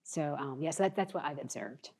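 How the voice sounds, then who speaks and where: Deep-voiced woman answering on a panel. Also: fairly quick, a little mellow, husky. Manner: thoughtful, hesitant with many fillers. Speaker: alumni panelist, immigration attorney. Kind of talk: casual panel talk.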